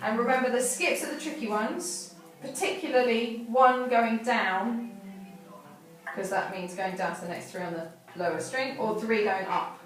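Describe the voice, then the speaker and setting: A woman teaching a child violin, gently encouraging and asking patient questions. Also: on the high side, normal speed. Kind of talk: patient one-to-one lesson teaching. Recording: echoey room from a distance with violin.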